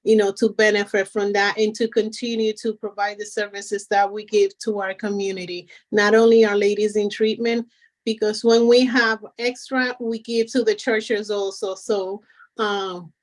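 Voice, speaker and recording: A woman with a Spanish accent and Spanish as her first language, a nonprofit founder speaking earnestly on a radio interview with many pauses. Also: mid-range voice, little pitch movement. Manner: warm, earnest, halting with fillers.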